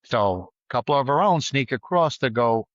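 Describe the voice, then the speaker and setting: A man's voice: mid-range voice, lively intonation, normal speed, dry recording, dull audio. Blunt, storytelling man with a dry sound. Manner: vivid, blunt, acts out quoted lines loudly, swears. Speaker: retired state trooper guest. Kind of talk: casual storytelling in a podcast interview.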